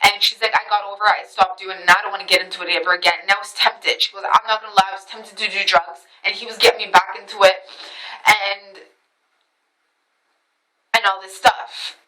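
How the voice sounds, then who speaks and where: A woman's voice: mid-range voice, little pitch movement, fairly quick, sharp tone, poor audio. A woman vlogger telling a story in a casual monologue, emphatic and full of retold dialogue. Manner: emphatic, retells conversations with quoted dialogue.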